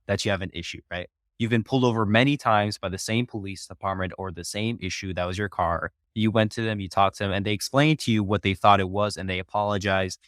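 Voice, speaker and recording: A man's voice: lowish voice, fairly bright tone, dry recording, clean studio sound. A male interviewer who sums up the guest's story earnestly and thanks him for sharing. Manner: earnest, appreciative, recaps the guest's points. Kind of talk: interview questions and reflections.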